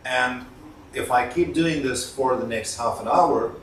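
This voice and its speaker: A man giving a lecture on communication skills, deliberately varying his intonation. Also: mid-range voice, a little hiss or hum. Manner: animated, varies intonation on purpose. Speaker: trainer. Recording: roomy, distant mic, faint ambience.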